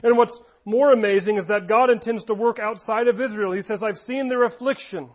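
A high-pitched male pastor delivers a sermon, moving between scripture reading and lively, emphatic explanation with chuckles along the way. The recording sounds dull and lo-fi. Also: fairly quick. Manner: animated preaching with frequent chuckles and emphatic rises.

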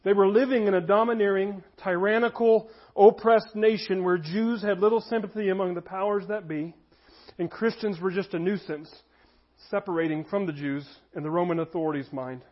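A man's voice: sits high, steady tone, normal speed. A man in his thirties preaching a sermon in a conversational way, now and then acting out little scenes from his stories. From United States. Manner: conversational preaching, shifts into voiced anecdotes. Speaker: pastor. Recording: dull lo-fi audio.

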